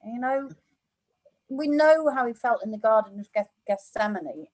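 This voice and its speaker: A woman's voice: fairly high pitch, animated, moderate pace, darkish tone, dry recording, rough recording. A woman talking about a Bible passage in a casual discussion, earnest and reflective, with many "you know"s. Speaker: church discussion partner.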